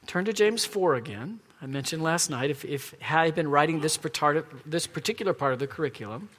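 A middle-aged man preaching a sermon in a church, earnest and emphatic, dropping to soft asides. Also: a little high, expressive, brisk, long reverb tail. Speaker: pastor. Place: church sanctuary.

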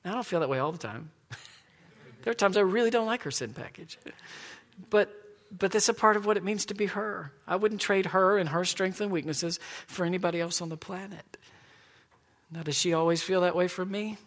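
A middle-aged man preaching a sermon in a church, earnest and emphatic, dropping to soft asides. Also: high voice, moderate pace, in a large hall. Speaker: pastor. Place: church sanctuary.

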